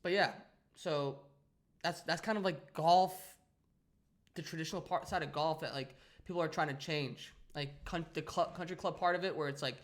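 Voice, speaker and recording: A man's voice: on the high side, normal speed. A young man co-hosting a podcast, talking casually and rambling with many restarts and "like" fillers. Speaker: podcast co-host. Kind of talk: casual chat.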